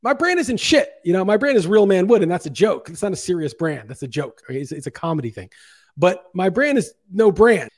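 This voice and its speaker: A man with a notably high voice rattles through his points at a rapid clip. He co-hosts a casual podcast and rants hotly, swearing freely as he argues. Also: sing-song. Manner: heated, profane ranting. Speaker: podcast co-host.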